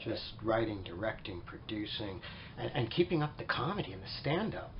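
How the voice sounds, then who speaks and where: A man's voice: lowish voice, very animated, moderate pace. A man hosting a podcast on a boat, chatting casually and encouraging his guest with brief remarks. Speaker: podcast host. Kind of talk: casual interview chat. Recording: muffled lo-fi recording with faint noise.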